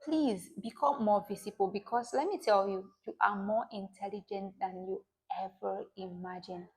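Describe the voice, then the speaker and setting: A woman hosting a self-help video, speaking to viewers in an encouraging, motivational way and reciting affirmations slowly. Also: mid-range voice. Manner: warm, encouraging, slow affirmations. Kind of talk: motivational talk to camera.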